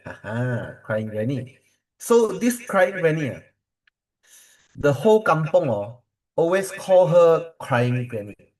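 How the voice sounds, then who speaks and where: A man's voice: fairly high pitch, animated, measured pace, rough recording. A man with a Malaysian English accent, a corporate trainer telling motivational stories and quizzing his audience, with many fillers.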